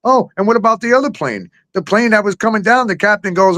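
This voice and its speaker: Middle-aged male host, profane sarcastic ranter, slightly high voice. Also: sing-song, a little fast, hardly any pauses, a bit bright. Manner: profane, incredulous, sarcastic ranting. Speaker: talk show host. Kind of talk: ranting conspiracy talk.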